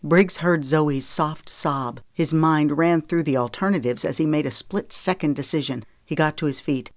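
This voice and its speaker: A narrator reading a novel in a steady, measured voice at an even, middle pitch. The recording is close and dry, with no room sound. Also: no room sound. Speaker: audiobook narrator. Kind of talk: scripted narration of a romance novel.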